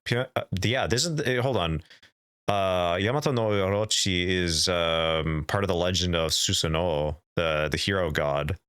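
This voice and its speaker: A man's voice: sits low, moderate pace, a bit bright, clean tone, no echo, clean studio sound. A man streaming a game live, reading in-game documents aloud and chatting with his viewers in a rambling, casual way. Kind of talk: casual live-stream chat while playing.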